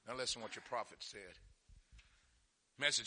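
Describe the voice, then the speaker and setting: A middle-aged man preaching a sermon, telling folksy stories and swinging from quiet asides to shouted fervor. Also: sits high, lively intonation, moderate pace, vocal fry.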